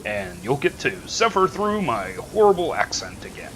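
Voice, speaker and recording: A man's voice: mid-range voice, big pitch swings, moderate pace, fairly bright tone, slight background noise. A man casually commentating his gameplay with dry jokes. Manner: casual, joking. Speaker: let's play host.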